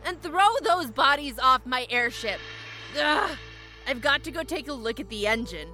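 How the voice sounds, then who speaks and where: A man's voice: very high-pitched, expressive, normal speed, sharp tone, voice pushed up, full character voice. A man voicing a hot-tempered woman airship captain who curses and barks orders, over background music. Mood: exasperated. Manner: cursing, huffing, bossy. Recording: fantasy audiobook with music bed.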